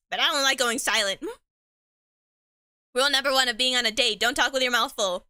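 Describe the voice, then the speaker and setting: A young woman streamer rambling casually as she eats, tripping over words and tossing in slang. Her voice is bright and a little high. The sound is dry and close, with no room around it. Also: unhurried, long pauses, smooth, dry recording. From Mexican heritage. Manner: chatty and rambling, stumbles over words, slangy, laughs often, talks with mouth full. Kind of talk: casual chat while eating.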